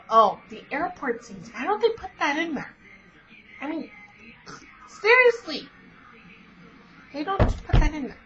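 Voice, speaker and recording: Teen girl vlogger, chatty and gushing, higher voice, muffled home recording. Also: fairly bright tone. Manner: gushing, rambling, many fillers. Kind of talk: casual chat. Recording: dull lo-fi webcam audio.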